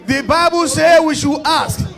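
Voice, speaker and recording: A Nigerian-accented male pastor with an unusually high voice, preaching in impassioned bursts that often rise to a shout. He repeats his calls to prayer again and again. A congregation murmurs faintly in the background. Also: a little slow, creaky, some chatter behind. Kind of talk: fervent prayer-leading sermon. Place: church service.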